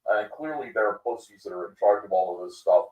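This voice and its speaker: A man hosts a casual livestream, ranting with a lively, swooping delivery and plenty of fillers. He sounds set back from the mic in an echoey room. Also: on the low side, fast, distant mic, dull audio. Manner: animated, ranting, many fillers and mocking quoted voices. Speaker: podcast host.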